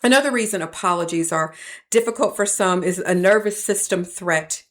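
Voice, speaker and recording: A woman with a lowish voice speaks in a reflective podcast monologue. She tells personal stories and shifts into animated voices when she quotes people. She sounds like a professor sharing lessons with listeners. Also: moderate pace.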